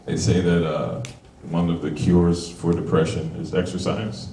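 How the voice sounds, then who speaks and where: A man's voice: deep voice, flat delivery, measured pace, crowd noise. A stand-up comedian in his forties from Brooklyn, talking in a profane, conversational way with lots of rhetorical asides. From Brooklyn, New York. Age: 40s. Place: comedy club with a live audience. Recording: echoey room, far mic, audience laughter.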